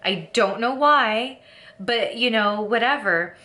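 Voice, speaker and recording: A young woman from California rambles candidly to her camera, full of fillers and quick to laugh at herself. Her voice is bright and a little sharp. She talks at a slow, drawn-out pace. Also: fairly high pitch. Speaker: vlogger. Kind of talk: casual chat to camera.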